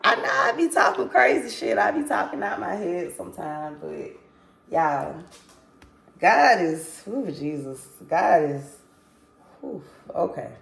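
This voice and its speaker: A woman's voice: fairly low pitch, animated, takes it slowly, creaky, a bit bright. A woman vlogger telling a casual storytime to her viewers, candid and rambling, swearing freely and apologizing as she loses her thread.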